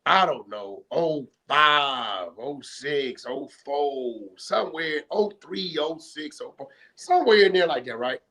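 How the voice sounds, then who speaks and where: A man's voice: on the high side, animated, slow, few pauses, bright, forceful tone. A man from California retelling a story in casual streetwise slang, often checking in with "right?" and acting out both sides of old phone calls. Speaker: guest.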